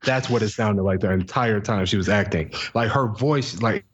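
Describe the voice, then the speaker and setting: A man's voice: fairly low pitch, normal speed, dull audio, a little hiss or hum. A young man co-hosting a podcast, ranting animatedly in casual chat and acting out his own reactions. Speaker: podcast co-host.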